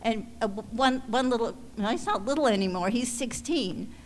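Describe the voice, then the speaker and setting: A woman leading a ministry, giving a heartfelt church testimony to supporters in a halting, emotional way, often restarting her sentences. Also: fairly high pitch. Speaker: ministry leader addressing supporters. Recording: long hall reverb, faint background noise.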